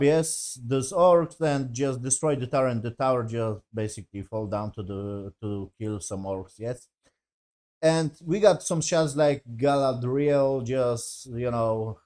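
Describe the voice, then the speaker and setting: A man with a slightly raised pitch reviews a TV episode in a loose, rambling rant. He swears constantly and sounds exasperated, piling on fillers between points. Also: darkish tone. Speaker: TV show reviewer.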